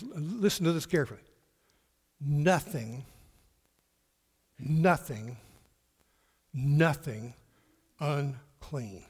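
A male pastor preaching a sermon emphatically, swinging from loud declarations to hushed questions and repeating words for stress. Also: fairly high pitch. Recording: reverberant hall.

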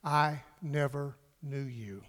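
A man voicing a stern, solemn gatekeeper speaking from inside heaven's gates, in measured pronouncements, with a long hall echo. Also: medium pitch, a bit bright. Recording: reverberant hall.

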